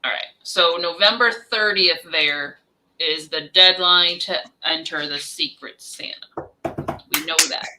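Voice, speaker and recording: A woman's voice: fairly low pitch, unhurried, bright, forceful tone, slight background noise, poor audio. A woman co-hosting a live stream, chatting casually and thinking aloud as she works. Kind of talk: casual chat.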